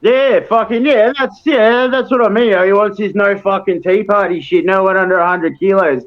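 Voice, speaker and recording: Aussie bloke mouthing off, swears nonstop, kinda high voice, muffled lo-fi audio. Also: male voice, normal speed. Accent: Australian. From Australia. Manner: blunt, profane, ranting. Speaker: podcast guest, wrestler. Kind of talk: casual chat.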